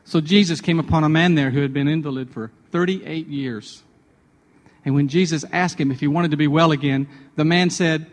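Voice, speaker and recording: A man's voice: on the high side, fairly even intonation, normal speed, big-room sound. A man hosting a radio devotional, telling personal anecdotes in a chatty way before drawing a sermon point. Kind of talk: conversational devotional storytelling.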